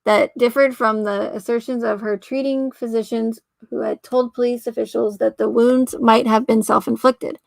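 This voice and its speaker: A woman's voice: on the high side, steady tone, moderate pace, gravelly, hardly any pauses, dry recording. A woman hosting a casual livestream, reading aloud and rambling, often trailing off, correcting herself and laughing. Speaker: livestream host.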